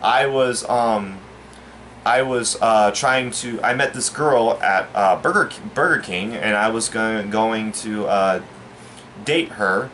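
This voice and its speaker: A man telling a personal story in a casual, rambling way, halting often with fillers and restarts, sounding baffled and aggrieved. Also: fairly low pitch, a bit bright, a little hiss or hum. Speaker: storyteller vlogger.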